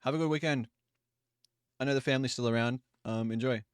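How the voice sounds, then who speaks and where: Aussie guy streaming, chatty and relaxed, mid voice, close dry mic. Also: medium pitch, smooth, no room sound. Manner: chatty, easygoing, quick apologies and asides. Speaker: livestream host. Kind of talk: casual stream chat with viewers.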